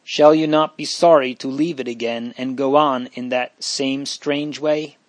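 A man's voice: medium pitch, fairly even intonation, measured pace, no echo, close to an everyday voice. A man voicing a grieving young French girl fugitive, earnest and tearful, in a dry recording. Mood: wondering.

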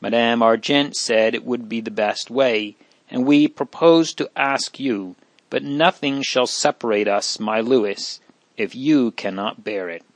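A man's voice: medium pitch, unhurried, no echo, close to an everyday voice. A man reading aloud voices a teenage older brother who speaks tenderly and hesitantly.

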